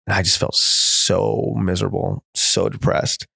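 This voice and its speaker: A man with a fairly low voice shares his own story as an interview guest, earnest and candid. He tells events in quick present-tense bursts. The sound is dry and close. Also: level tone, gravelly, bright, forceful tone, no echo. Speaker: guest, therapist in recovery.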